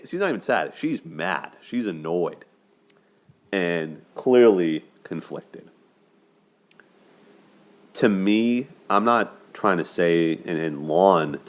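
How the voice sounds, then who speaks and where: A man hosting a show, casually breaking down a movie's romance in a chatty way, often checking in with "right?" and laughing. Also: sits low. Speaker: host of a dating and movie commentary show.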